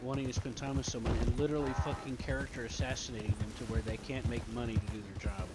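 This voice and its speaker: A man's voice: mid-range voice, steady tone, quick pace, over loud music. A man role-playing his character, ranting and swearing heavily about being wronged. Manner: ranting, heavy swearing, aggrieved. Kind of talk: in-character role-play chat. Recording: loud background noise.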